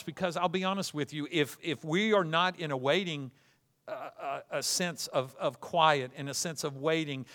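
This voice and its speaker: A male pastor delivering a sermon in a slightly high voice. He swings between loud, fervent passages and hushed, soft reflection. His talk is full of repeated starts and restarts.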